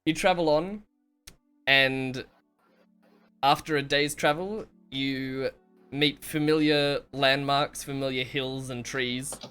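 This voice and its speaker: A man guides his players through a tabletop adventure as game master, his narration slow and calm. His voice is bright and clear, with soft music playing behind him. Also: mid-range voice. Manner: calm descriptive narration, chuckles often.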